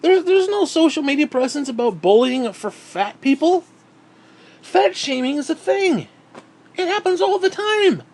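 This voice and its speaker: A man's voice: very high-pitched, expressive, measured pace, darkish tone. A man vlogging in a heated, sarcastic rant, swearing constantly. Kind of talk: profane ranting monologue.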